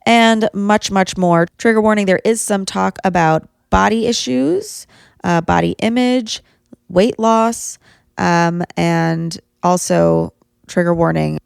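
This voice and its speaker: Creaky, smooth-voiced woman podcast host. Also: fairly low pitch, no room sound, clean studio sound. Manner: bubbly, chatty, quick to laugh. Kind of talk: casual chat. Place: podcast studio.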